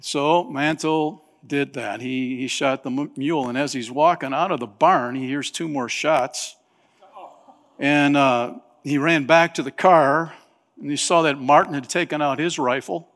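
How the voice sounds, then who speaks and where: A male pastor preaching a sermon, telling stories animatedly and acting out voices with sudden shouts. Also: a little high, fairly even intonation, measured pace. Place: church sanctuary. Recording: long hall reverb.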